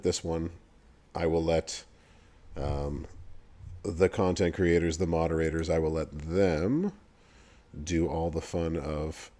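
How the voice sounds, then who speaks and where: A man's voice: rumbling low, dark tone. A young man hosting a game livestream, chatting casually with viewers, laughing often and answering chat messages. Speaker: livestream host for a mobile game.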